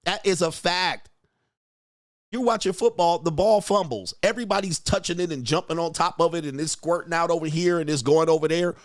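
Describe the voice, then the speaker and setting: A man's voice: fairly high pitch, a little fast, no echo, studio quality. A man giving blunt, profane commentary on a video clip, acting out what people say. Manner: blunt, profane, animated, acts out people's lines. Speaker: commentator reacting to a viral video. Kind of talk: casual reaction commentary.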